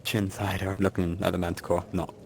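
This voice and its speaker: Low-voiced man narrating a tabletop game. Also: monotone, quick pace, creaky, a little mellow, slight background noise. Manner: loose, filler-heavy narration. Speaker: game master.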